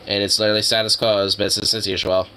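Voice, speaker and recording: A man voicing a scheming alien overlord in a flat, robotic monotone. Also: lowish voice, slight background noise, poor audio. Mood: deadpan scheming. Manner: flat, deadpan, unhurried.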